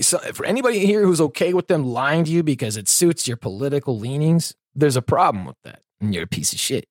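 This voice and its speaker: A man's voice: a little high, no room sound, clean studio sound. A man hosting a podcast in an angry, sarcastic and heavily profane comedic rant, full of rambling asides. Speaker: podcast host.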